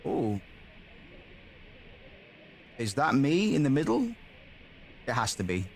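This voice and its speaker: A man's voice: medium pitch, big pitch swings, takes it slowly, gravelly, a little hiss or hum. A man streaming a game, reading its text aloud and chatting bluntly, swearing freely and calling the audience "man" and "bro".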